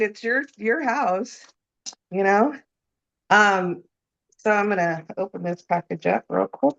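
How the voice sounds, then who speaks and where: Speaking slowly at a medium pitch, this woman has a creaky, fairly bright voice with long pauses, captured on dull audio. She's a guest food expert cooking live, chatting and explaining each step, tagging her points with "okay?", "right?", and "you know?"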